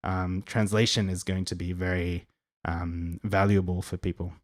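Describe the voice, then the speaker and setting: A man's voice: sits low, level tone, moderate pace, no room sound. A young Australian man hosting a casual live Q&A, friendly and rambling with lots of ums and restarts. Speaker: livestream host answering viewer questions.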